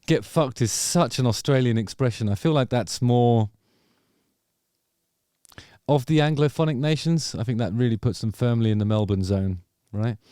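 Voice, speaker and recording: A man's voice: mid-range voice, moderate pace, mellow, clear, resonant tone, dry recording, clean studio sound. A man hosting a music review video, musing through casual reaction commentary and trailing off into self-corrections. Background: faint music from the video under review.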